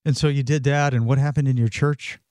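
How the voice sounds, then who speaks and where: A man hosting an interview, friendly and brisk, keeping the conversation moving. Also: medium pitch, steady tone, darkish tone, no echo, clean studio sound. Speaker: radio show host.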